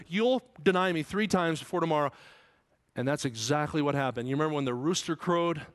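Male pastor, somewhat high voice, expository sermon with sudden emphatic peaks. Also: a little fast. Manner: preaching with sudden loud high emphasis on quotes; asks the congregation questions.

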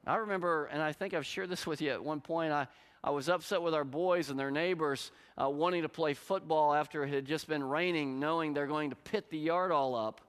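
A man's voice: a little high, brisk, clean tone. Man preaching in a reverberant church. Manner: storytelling, animated, acts out quotes. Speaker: pastor. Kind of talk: sermon. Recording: long hall reverb.

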